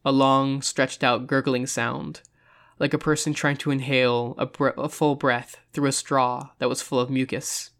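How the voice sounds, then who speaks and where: Measured narrator reading a horror story. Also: mid-range voice, little pitch movement, a bit bright. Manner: measured, suspenseful. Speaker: audiobook narrator.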